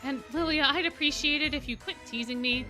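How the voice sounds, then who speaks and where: A woman's voice: high-pitched, fairly quick, music in the background, close to an everyday voice. A woman reading game dialogue as a sulky, defensive teenage schoolboy who grumbles in casual slang.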